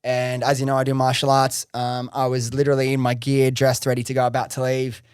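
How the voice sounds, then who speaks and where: A man hosting a podcast, telling his startup story in casual chat, excitable, swearing freely and saying "like" a lot. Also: mid-range voice, a little fast, smooth, no echo, studio quality. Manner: excitable, swears freely, heavy use of "like" and "bro".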